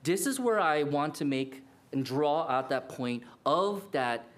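A man preaching a sermon as pastor, earnest and animated, acting out quoted lines. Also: a little high, unhurried.

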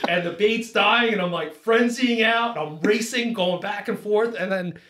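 A man, a boat captain, telling a long fishing story on a podcast in a lively, profane way, acting out his own lines. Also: sits high, unhurried.

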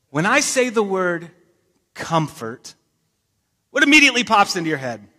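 A man's voice: sits high, very animated, normal speed, pauses often, pushed and bright, in a large hall. A man preaching a sermon, talking in a casual way with joking asides and reading scripture with emphasis. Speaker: pastor. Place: church sanctuary.

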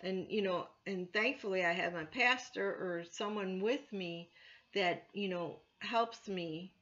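A woman's voice: mid-range voice, measured pace, a bit bright. A woman church elder teaching from the Bible in an informal, earnest way, full of "you know" fillers. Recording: dull lo-fi recording.

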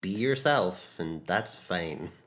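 Very low-voiced, measured podcast co-host. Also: expressive, a bit bright. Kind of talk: casual film discussion.

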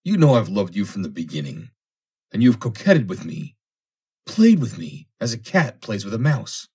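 Man playing a possessive, bitter suitor, husky voice with big swings. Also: on the low side, huge pitch swings, moderate pace, a little mellow, exaggerated voice. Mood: pleading. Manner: pleading and bitter. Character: jealous, possessive young man, obsessive suitor.

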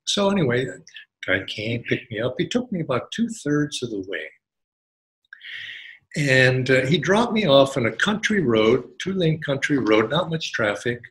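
A man giving a devotional talk as a spiritual teacher, telling a personal story in an animated way. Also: mid-range voice, normal speed, rough recording. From United States. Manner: animated storyteller, acts out quotes in a raised voice.

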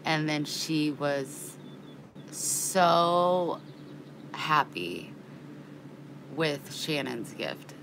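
Low-voiced woman venting in a casual vlog. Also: sing-song, drawn-out words, vocal fry, long pauses, fairly bright tone, a little hiss or hum, poor audio. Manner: rambling, worked up and indignant; folksy, frank, swears casually. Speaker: vlogger.

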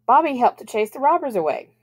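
A woman reading aloud, voicing a calm, reassuring middle-aged male store manager in a storybook. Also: high-pitched, fast, breathy edge, voice pushed up, exaggerated voice. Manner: steady and reassuring.

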